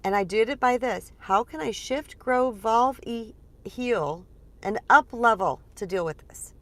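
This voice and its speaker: A woman in her forties, a spiritual empowerment coach, talking casually to her audience in an earnest, lively way with many fillers. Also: a little high, unhurried. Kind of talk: casual teaching monologue.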